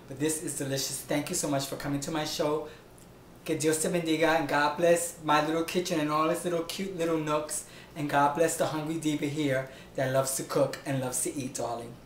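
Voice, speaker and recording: A man's voice: fairly high pitch, a bit bright, roomy sound, slight background noise, natural voice. A man voicing a flamboyant drag diva who hosts a home cooking show, theatrical and gushing, calling everyone honey and darling. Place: home kitchen.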